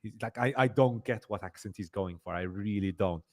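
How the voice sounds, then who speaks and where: A man with a fairly low voice hosts a casual review podcast. He rambles with lots of fillers and repeated words. He slips into emphatic complaints. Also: brisk. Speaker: podcast host.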